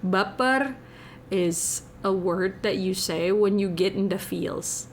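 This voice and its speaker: A woman's voice: mid-range voice, slow pace, slight background noise. A young woman from Indonesia, chatting playfully and giggling as she reads and answers her viewers' messages on a live stream.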